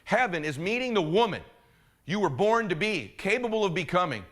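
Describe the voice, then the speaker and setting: A middle-aged man delivers a motivational speech in a voice pitched a touch higher than most men's. He talks with passion, pressing hard on some points and dropping to a hushed, intimate tone on others. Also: very animated, fairly quick. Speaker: motivational speaker.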